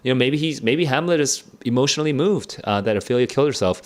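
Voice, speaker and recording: Excitable man reacting to a play. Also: mid-range voice. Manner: excitable, halting, laughs often; casual slangy commentary. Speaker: book club streamer. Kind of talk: live reading reaction.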